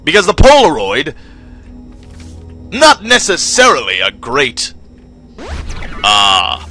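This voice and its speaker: A young man doing casual gaming commentary, swearing often and excitable. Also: a little high.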